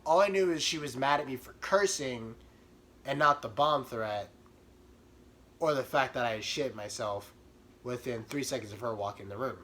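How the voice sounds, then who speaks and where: A young man telling a comic storytime about himself in an animated, self-mocking way. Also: medium pitch, normal speed. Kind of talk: comedic storytime.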